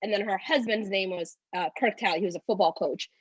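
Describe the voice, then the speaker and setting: A woman's voice: mid-range voice, fast, husky, no echo, muffled recording. A woman in her twenties, teary and rambling, telling a personal story with many "like"s. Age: 20s. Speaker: guest.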